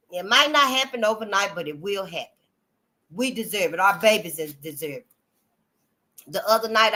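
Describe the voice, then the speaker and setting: A woman's voice: on the high side, sharp tone. A woman hosting her own channel, talking casually and frankly to her viewers, calling them honey and y'all. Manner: frank, earthy and emphatic, calls listeners honey and y'all. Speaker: channel host.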